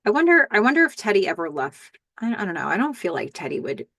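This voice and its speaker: A woman's voice: medium pitch, sing-song, fast talker, creaky, a bit bright, no echo. A woman hosting a podcast, recapping a TV episode in a chatty way and acting out the lines she quotes. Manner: chatty, stammers and restarts, acts out quoted lines. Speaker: podcast host. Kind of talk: TV episode recap, casual narration.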